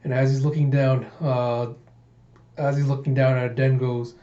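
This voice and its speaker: A man's voice: medium pitch, little pitch movement, normal speed, dark tone, roomy sound, highs cut off. A man casually recapping a manga chapter by chapter in a chatty, enthusiastic storytelling manner. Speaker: manga read-through host.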